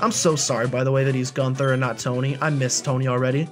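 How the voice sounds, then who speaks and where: A man's voice: medium pitch, flat delivery, fast, soft background music. A man hosting a let's play, giving casual gameplay commentary in a chatty, jokey, rambling way.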